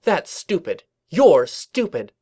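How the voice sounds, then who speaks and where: A man's voice: a little high, wildly swooping pitch, slow pace, dark tone, voice pushed up, exaggerated voice. Storybook unicorn pony mare, arrogant and rude, snaps insults in the third person, as a male reader puts her on. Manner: speaks of herself in the third person, snappish.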